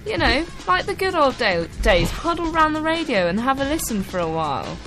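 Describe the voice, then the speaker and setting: A woman's voice: high voice, very animated, normal speed, over music. A young woman co-hosting a student radio show, chatty and giggly. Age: young adult. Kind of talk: casual chat.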